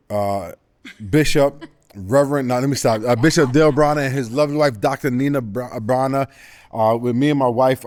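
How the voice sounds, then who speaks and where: A man's voice: medium pitch, darkish tone, dry recording. Middle-aged guy hosting a chat, lots of uh and restarts, laughs a lot, dry close sound. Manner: halting, many fillers and restarts, laughs often. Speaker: podcast host. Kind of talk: casual interview chat.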